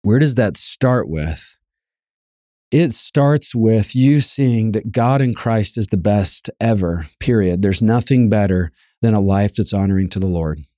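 A man's voice: fairly low pitch, measured pace, dark tone, dry recording, studio quality. A man preaching a sermon, earnest and emphatic, repeating key lines and reading scripture aloud.

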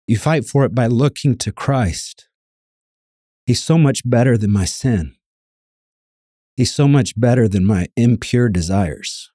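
Male preacher, low and mellow, earnest and emphatic sermon delivery. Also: animated, measured pace, no room sound, clean studio sound. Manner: earnest, emphatic, repeats key lines; reads scripture aloud.

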